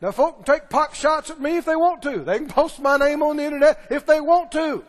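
A high-pitched male preacher, delivering a sermon with forceful shouts and slow, weighted emphasis. His voice rings through a long, echoing church reverb. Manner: mimics pleading believers in low, soft voices. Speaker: pastor.

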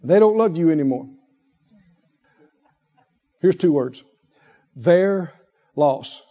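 Husky, lively male preacher, slow delivery. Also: a little high, muffled recording. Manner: emphatic, rhetorical questions, drawn-out pauses. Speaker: pastor. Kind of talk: sermon.

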